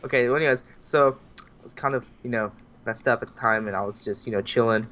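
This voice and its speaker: Teen male podcaster, rambling and profane storyteller, mid-pitched voice. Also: quick pace, crowd noise. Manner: rambling, profane, laughing as he tells it. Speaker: podcast member. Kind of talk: casual storytelling.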